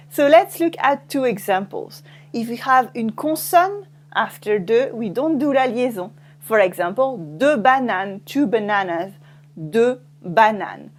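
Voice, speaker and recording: A woman with a French accent teaching pronunciation in a language lesson, saying words slowly and repeating them with care. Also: sits high. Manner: slow, careful pronunciation drills, repeating each word.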